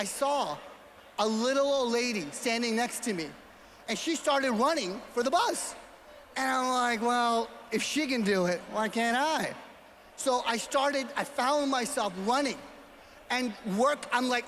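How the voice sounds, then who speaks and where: High-voiced man speaking in a hall. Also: slight background noise. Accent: New York. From New York. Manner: storytelling, often shouting to the crowd. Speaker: gala speaker. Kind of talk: motivational speech. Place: large banquet hall. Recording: hall reverb, faint ambience.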